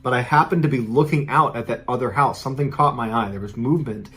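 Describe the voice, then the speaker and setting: A man's voice: mid-range voice, fast talker, fairly bright tone, close to an everyday voice. A man quoting an earnest worried father. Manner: earnest, apologetic. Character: worried father on a family hike.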